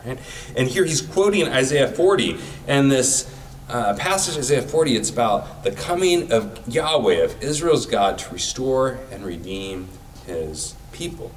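A man's voice: medium pitch, animated, measured pace, distant mic, a little hiss or hum, rough recording. A man giving a sermon in a casual, conversational way, using everyday comparisons. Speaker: preacher.

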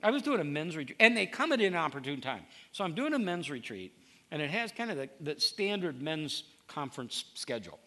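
A man's voice: a little high, a little fast. A middle-aged male pastor preaching a sermon in a conversational, storytelling way. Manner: conversational storytelling, animated with restarts.

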